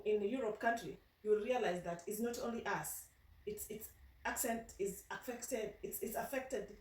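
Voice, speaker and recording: A woman with a Kenyan accent telling a story casually to camera, animated, laughing often and restarting her sentences. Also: a little high, echoey room, distant mic, poor audio. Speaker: vlogger. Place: in the United Kingdom.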